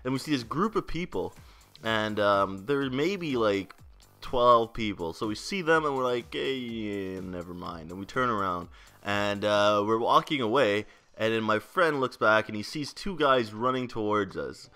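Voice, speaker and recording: A young man with a lowish voice and a bright, forceful edge tells a story as a gaming channel host. He rambles along in casual, profane chat and laughs often. Faint music plays underneath. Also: animated, moderate pace. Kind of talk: casual storytelling over gameplay.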